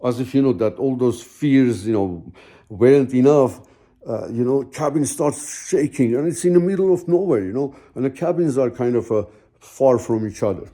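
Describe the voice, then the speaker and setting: Man, storyteller. Very dark, mellow tone, middle pitch; heartfelt, rambling, casual asides. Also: normal speed. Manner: rambling, heartfelt, full of "you know" and "man". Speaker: vlogger telling his own story.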